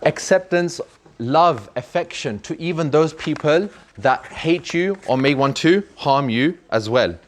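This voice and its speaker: A man's voice: a little high, animated, measured pace, slight background noise. A man telling a story to children in an earnest, emphatic way, repeating words for effect.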